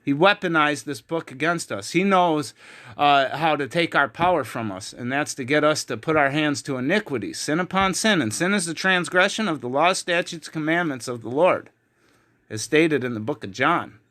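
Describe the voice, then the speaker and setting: A man's voice: fairly high pitch, animated, moderate pace, pushed and bright. A man teaching from the Bible in an online video, heated and emphatic, with frequent fillers. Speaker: preacher.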